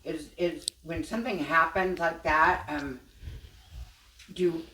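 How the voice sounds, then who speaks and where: A student asking the teacher hesitant, halting questions during a class. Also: mid-range voice, sharp tone. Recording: distant, roomy, faint noise.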